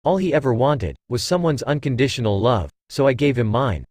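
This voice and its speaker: A man voicing a gentle, kindly female angel who speaks pleasantly. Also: medium pitch, sing-song, brisk, dry recording. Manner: pleasant, soft-spoken.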